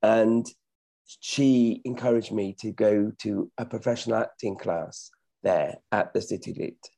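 Middle-aged male actor, interview guest, gravelly and husky, modest and chatty. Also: lowish voice, steady tone, measured pace, mellow. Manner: modest, chatty, self-correcting. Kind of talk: casual interview talk.

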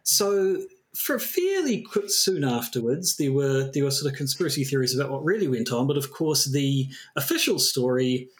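A man's voice: mid-range voice, big pitch swings, moderate pace, hardly any pauses. A man co-hosting a podcast in casual chat, rambling and hesitant with frequent restarts. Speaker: podcast co-host.

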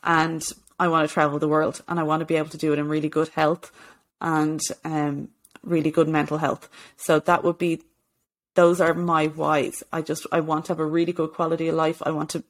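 A woman's voice: low voice, level tone, a little fast. A woman, hosting a solo health-coaching podcast in an earnest, encouraging way, with many "okay"s and restarts. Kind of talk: solo podcast advice talk.

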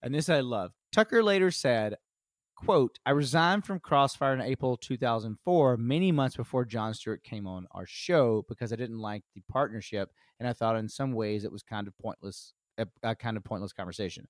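A man's voice: medium pitch, animated, moderate pace, dry recording, studio quality. A man co-hosting a comedy history podcast, reading out notes with profane jokes and asides. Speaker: podcast co-host presenting history. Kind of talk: casual comedic podcast chat.

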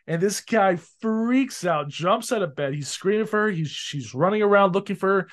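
Animated man in his thirties, a little high-pitched. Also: normal speed. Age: 30s. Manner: animated, acts out movie scenes with voices. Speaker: podcast host. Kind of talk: casual chat.

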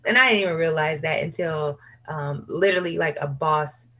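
A woman with a husky, slightly low voice talks openly in a relaxed interview. She chats casually, breaks into laughs, and acts out what she once said to herself and others. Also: normal speed. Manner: frank, laughs often, quotes herself in lively asides. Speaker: singer, interview guest. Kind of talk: candid casual conversation.

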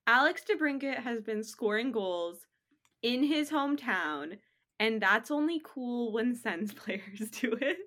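A woman co-hosting a casual sports podcast, talking in an animated, playful way and laughing often. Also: a little high, unhurried. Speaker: podcast co-host.

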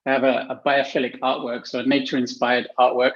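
A man's voice: mid-range voice, little pitch movement, fairly quick, a little hiss or hum. A man talks from his home office over a video call. He speaks thoughtfully and restarts his sentences now and then. The audio sounds muffled. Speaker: panel guest, healthy workplace specialist. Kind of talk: casual panel talk.

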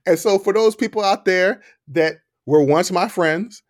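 A man's voice: sits high, a little slow, dry recording, studio quality. A man hosting a casual podcast, talking frankly in a laid-back way and laughing often. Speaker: podcast host.

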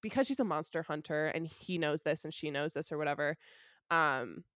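A woman co-hosting a podcast, recapping a book in casual chat, filling her talk with "like" and telling it with animated energy. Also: sits low, fairly quick, no echo, clean studio sound. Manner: chatty, heavy use of "like" fillers; animated storytelling. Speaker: podcast co-host.

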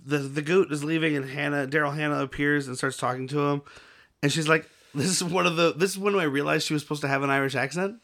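A man's voice: fairly high pitch, steady tone, fast, fairly bright tone. A man co-hosting a podcast, casually recapping a movie with crude jokes and frequent laughter. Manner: crude, jokey, laughs often. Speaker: podcast co-host.

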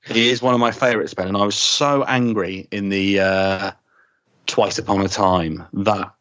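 A man's voice: fairly low pitch, normal speed. A man hosting a podcast, chatting casually, swearing freely and acting out scenes. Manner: animated, profane, acts out scenes. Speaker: podcast host. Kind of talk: casual chat. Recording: dull lo-fi audio.

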